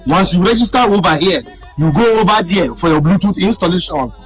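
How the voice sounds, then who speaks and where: High, lively Nigerian man. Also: a little fast, husky, faint music behind. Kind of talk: comedy skit acting.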